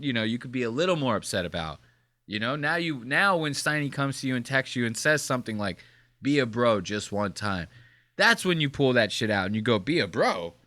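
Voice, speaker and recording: A man's voice: medium pitch, bright, forceful tone, no echo. A man co-hosting a casual podcast, ranting with swearing and mock quotes, of Puerto Rican background. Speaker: podcast co-host.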